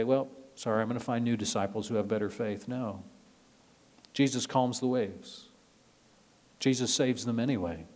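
A man from Nebraska, a pastor preaching a sermon in a conversational way, mixing scripture with personal anecdotes and lively storytelling. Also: medium pitch. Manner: lively storytelling, rising when retelling drama.

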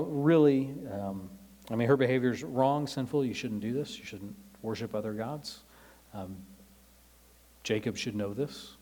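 A man giving a conversational Bible lesson, relaxed and filling pauses with frequent "um"s while he explains passages in everyday words. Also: mid-range voice. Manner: explains scripture in everyday paraphrase. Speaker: Bible teacher.

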